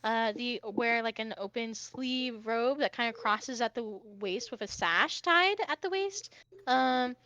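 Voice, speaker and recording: A woman's voice: fairly high pitch, measured pace, pushed and bright, muffled recording. A woman as game master, narrating a live-streamed tabletop game casually with many fillers. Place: home streaming setup.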